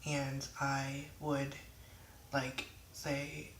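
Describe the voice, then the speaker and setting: A young adult in their twenties tells a storytime at home in a rambling, off-the-cuff way, slipping into swearing and catching themself. The voice is bright and sharp but stays flat in pitch. The room sounds echoey, with faint noise behind. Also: very slow. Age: 20s. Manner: rambling, swears then apologizes. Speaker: vlogger. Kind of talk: casual storytime. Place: indoors at home.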